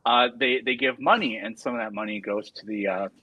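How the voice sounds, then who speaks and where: Deadpan, husky, bright-toned man. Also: mid-range voice, fairly quick, no room sound, poor audio. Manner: deadpan, hesitant with fillers. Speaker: online chat streamer. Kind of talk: deadpan trolling chat.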